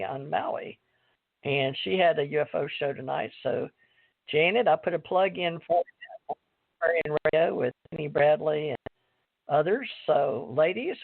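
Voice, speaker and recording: A woman's voice: sits low, vocal fry, dry recording. A woman hosting an online talk radio show, rambling casually with many fillers and calling her listeners folks. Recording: tinny dry phone-line audio.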